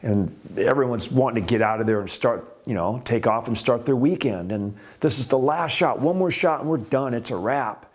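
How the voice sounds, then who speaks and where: A middle-aged man spins stunt stories in a loose, conversational way. His voice sits in an ordinary middle register. He gets animated and plays out the quoted people as the tale picks up. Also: medium pitch, moderate pace, few pauses. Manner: animated, acts out quoted voices, rising excitement. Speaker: host and stuntman telling stories. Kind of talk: casual storytelling.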